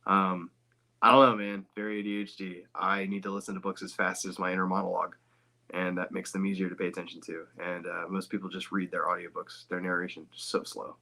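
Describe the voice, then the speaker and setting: A guest voice actor with a very deep voice that still comes across bright and forceful up front rambles loosely through a casual podcast chat. Speaking a little fast, he tosses in swears and side remarks while keeping things relaxed and offhand.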